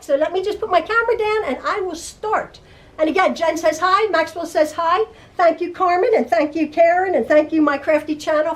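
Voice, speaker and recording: A middle-aged woman teaching quilting from her home sewing room, chatting casually and stammering and repeating herself as she goes. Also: high voice. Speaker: quilting teacher and channel host. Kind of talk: rambling casual chat and sewing tutorial.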